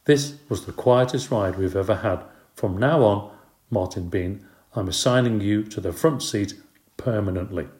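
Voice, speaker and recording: A man's voice: fairly low pitch, normal speed, a little mellow, echoey room, natural voice. A man voicing a stern, bossy woman school bus driver who barks orders.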